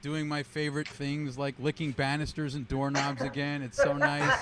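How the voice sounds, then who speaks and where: A male comedian works through a wisecracking, self-deprecating stand-up set, voice sitting fairly high. He performs over a video call. Steady noise runs under the audio. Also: moderate pace. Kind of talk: stand-up routine.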